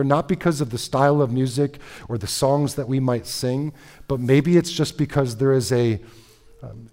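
A man preaching a sermon in a lively, conversational way, reading scripture and breaking into casual asides with frequent "right?" and "okay?". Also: medium pitch. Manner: reads scripture aloud, then comments in asides. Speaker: pastor.

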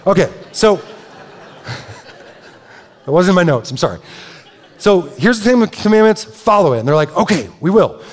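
A man preaching a sermon as pastor, talking in a loose, conversational way with frequent restarts and repeated words. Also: high-pitched. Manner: conversational, self-interrupting with repeated words and asides. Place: church sanctuary. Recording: long reverb of a large hall.

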